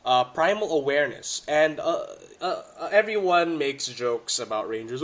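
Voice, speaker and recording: A man's voice: mid-range voice, measured pace. Congested man breaking down game rules. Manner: excitable, slangy gamer talk. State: congested from a cold. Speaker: tabletop game rules commentator. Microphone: budget home recording setup.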